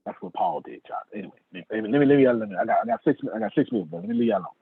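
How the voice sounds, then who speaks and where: With a lowish, husky voice, a male sales trainer speaks very fast and expressively, preaching a sales lesson and addressing listeners by name on a video call. The sound is dry, thin, and phone-like.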